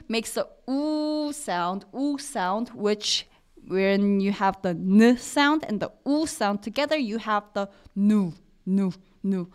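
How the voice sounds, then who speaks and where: A woman's voice: mid-range voice, clean tone. A young woman teaching Korean in a live-streamed class, chatty and encouraging, reading viewers' comments aloud. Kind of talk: live-streamed language lesson.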